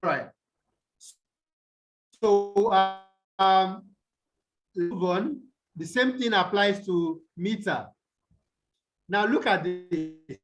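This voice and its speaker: A man tutoring students over a video call, explaining slowly and quizzing them as he goes. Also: high-pitched, music in the background. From Nigeria. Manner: slow, deliberate, quizzes students. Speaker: English tutor. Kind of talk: online tutorial lesson.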